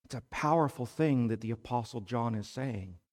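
A man preaching a sermon as pastor, slow and emphatic, building to fervent peaks. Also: mid-range voice, darkish tone. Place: church sanctuary. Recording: long hall reverb.

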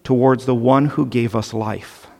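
Animated pastor preaching in a reverberant hall. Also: male voice, mid-range voice, a little slow, vocal fry. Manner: earnest and animated, with playful asides to the children. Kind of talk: sermon. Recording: long reverb of a large hall.

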